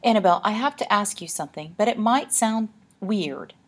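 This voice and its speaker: A woman's voice: mid-range voice, expressive, moderate pace, husky, pitched above the performer's own voice. A woman reading aloud, voicing a frightened young girl who speaks in an anxious, breathless, hesitant way. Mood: scared, urgent.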